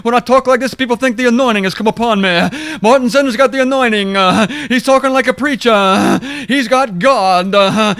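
A man's voice: very high voice, normal speed, few pauses, fairly bright tone, clear, resonant tone, no room sound, studio quality, voice pushed up. A man putting on an overblown, self-important preacher voice, mocking its exaggerated preacher cadence.

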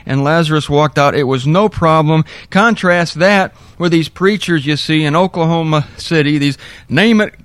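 A man's voice: on the high side, fairly quick, dry recording. A man teaching a Bible lesson, reading verses and dropping wry, chatty asides between them. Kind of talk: informal scripture teaching.

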